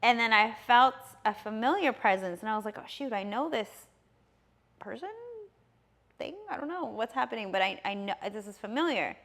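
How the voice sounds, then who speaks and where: A woman's voice: fairly high pitch, expressive, moderate pace, a bit bright. A woman in her thirties telling a personal story on a casual podcast, rambling along with lots of fillers and easy laughter. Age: 30s.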